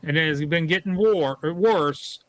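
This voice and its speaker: A man's voice: a little high, normal speed, no room sound, low-quality recording. A man telling friends his news on a video call in a matter-of-fact way. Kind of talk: casual group chat.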